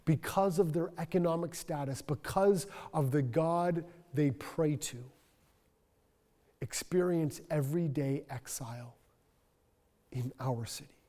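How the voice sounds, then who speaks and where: Male pastor, unhurried earnest sermon delivery, reverberant sanctuary sound. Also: fairly high pitch. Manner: earnest, reflective, soft-spoken at key points. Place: church sanctuary.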